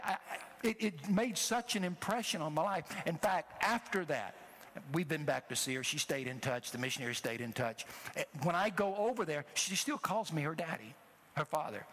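A middle-aged man preaching a sermon, telling a personal story with emotion and rising to loud exhortations. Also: fairly high pitch. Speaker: traveling preacher.

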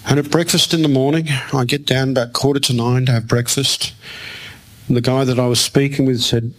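A man's voice: medium pitch, steady tone, a little fast. A man preaching a sermon to a room, telling a personal story and acting out the other people's lines. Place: church hall with audience.

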